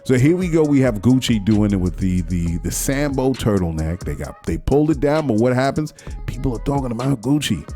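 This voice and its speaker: A man's voice: mid-range voice, very animated, a little fast, mellow, soft background music. A man hosting his own podcast, giving a rambling solo commentary with lots of restarts while sniffling from a cold. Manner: repetitive restarts, mocking quoted voices. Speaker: podcast host.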